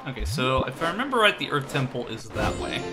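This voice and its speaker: A man's voice: medium pitch, big pitch swings, fast talker. A man streaming a video game, chatting casually in a rambling, self-deprecating way and laughing often, with game music behind. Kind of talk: casual let's-play commentary.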